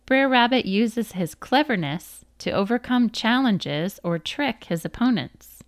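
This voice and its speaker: Lively woman reading a storybook aloud. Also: fairly high pitch, measured pace. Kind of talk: storybook read-aloud narration.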